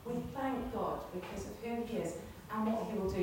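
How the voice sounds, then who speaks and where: A woman's voice: medium pitch, brisk. A woman giving a chatty church talk to a congregation, often laughing. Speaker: preacher. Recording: echoey hall, distant mic, faint noise.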